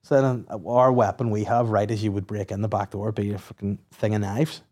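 Fast-talking Northern Irish man, crude banter. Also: on the low side, level tone, a little mellow. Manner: swears constantly, rambling comic anecdotes. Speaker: podcast host. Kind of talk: casual comedy banter.

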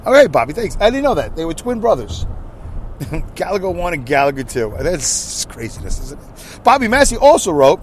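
A man with a somewhat high, sing-song voice hosts his podcast from inside his car while driving, reading listener comments in a rambling, self-mocking way. He speaks at a moderate pace, and the low-quality recording carries a little hiss or hum.

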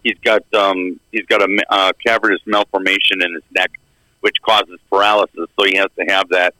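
Bright-voiced man telling a rambling story. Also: deep voice, flat delivery, fairly quick, no echo, poor audio. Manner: rambling, acts out quoted dialogue. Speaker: podcast co-host. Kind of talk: casual storytelling.

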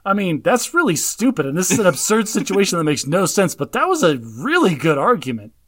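A man co-hosting a casual movie discussion, excitedly retelling scenes and acting out the lines. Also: high voice, brisk, dry recording, clean studio sound. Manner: animated, laughing, acts out quotes. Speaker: podcast co-host.

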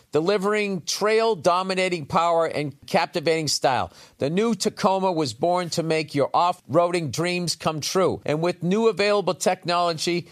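A podcast host reading a sponsor ad in an energetic, salesy way. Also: male voice, a little high. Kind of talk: upbeat ad read.

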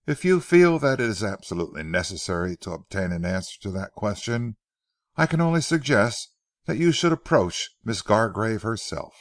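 A man voicing a haughty, mocking gentleman who brushes off a policeman's questions. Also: fairly low pitch, sing-song, normal speed, dry recording, studio quality. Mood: scornful. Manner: scornful, dismissive laughter in his words.

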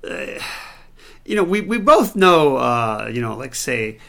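A man co-hosting a podcast, bantering playfully over drinks with a halting, joking delivery. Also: medium pitch, sing-song, creaky, fairly bright tone. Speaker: podcast co-host.

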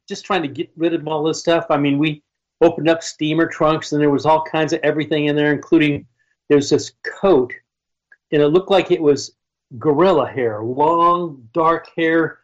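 A man's voice: a little high, moderate pace, muffled recording. A man on a radio show telling a casual story, rambling with many restarts.

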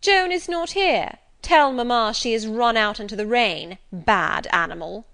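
A bullying schoolboy of fourteen barks and taunts in a raised, loud voice, as a woman reading aloud puts him on. His calls are brash and commanding, pitched above the reader's own voice, in a storybook reading. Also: very animated, measured pace, full character voice. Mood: taunting. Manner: shouting, taunting.

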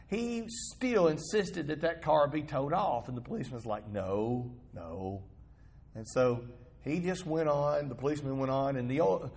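A man's voice: on the high side, gravelly, husky. A male pastor giving a sermon in a conversational, storytelling manner, asking the congregation rhetorical questions.

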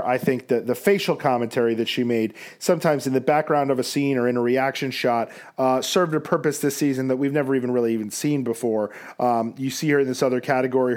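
A man's voice: medium pitch, darkish tone. A man hosting a podcast, talking casually through awards picks with lots of fillers. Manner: conversational, many fillers. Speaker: podcast host.

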